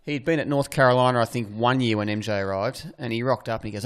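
Aussie bloke on a sports podcast, mid-pitched, rambles into stories, playful. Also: male voice, fast talker, few pauses. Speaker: podcast co-host. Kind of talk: casual sports chat.

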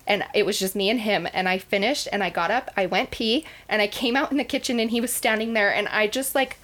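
Blunt young woman book podcaster, mid-pitched, crude humor, casual chat. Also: brisk, fairly bright tone. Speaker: podcast co-host.

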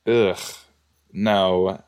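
A man's voice: low-pitched, level tone, drawn-out words, darkish tone, clean tone. A man giving casual, exclamatory commentary while reacting to a show, talking back to the screen. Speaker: reaction video host.

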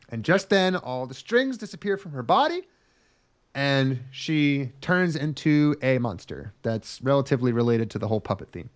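A man's voice: medium pitch, very animated, moderate pace. A man co-hosting a podcast, recapping an anime in casual, joking, profane chat. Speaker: podcast co-host reviewing an anime.

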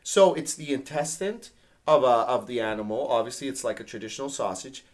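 A man's voice: medium pitch, fairly quick. A man co-hosting a podcast, reading a review aloud in casual chat and apologizing for his pronunciations. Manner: animated, apologetic about pronunciations. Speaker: podcast co-host.

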